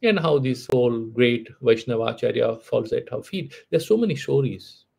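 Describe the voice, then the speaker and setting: A man's voice: medium pitch, animated, normal speed, vocal fry, a little mellow, slightly rough. A man giving a lecture on spiritual philosophy, telling a story in a conversational way, with frequent "you know" asides and restarts. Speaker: spiritual teacher.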